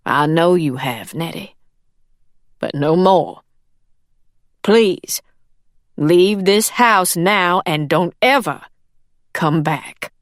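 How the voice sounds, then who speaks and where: A woman's voice: fairly low pitch, expressive, extremely slow, long pauses, dry recording, clean studio sound. A woman voicing a cool, firm wealthy employer.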